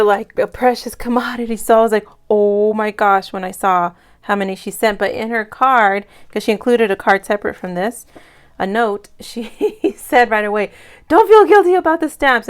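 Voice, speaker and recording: An American budget vlogger chats casually, gushing with gratitude and nearly in tears. Her voice is medium-pitched with a clean tone.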